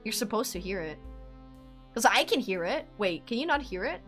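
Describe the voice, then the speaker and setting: A woman's voice: medium pitch, big pitch swings, normal speed, fairly bright tone, soft background music. A woman streamer chatting casually to her viewers, giggly and self-deprecating. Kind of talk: casual live-stream chat.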